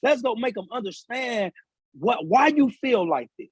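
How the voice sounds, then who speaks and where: A man speaks in a high, breathy-edged voice. He talks like a preacher, repeating himself and rising in force. The room sounds dry and close. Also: animated, normal speed, no echo, rough recording. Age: adult father of seven sons. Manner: preaching, repetitive, rising to emphatic peaks. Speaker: author and speaker, guest. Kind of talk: impassioned podcast talk.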